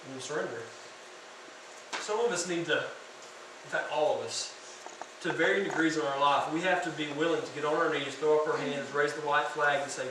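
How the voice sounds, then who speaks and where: A man preaching as a youth pastor in a church hall, animated and asking the crowd questions. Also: fairly high pitch, a little fast, noisy background. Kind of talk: sermon. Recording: echoey hall from far off.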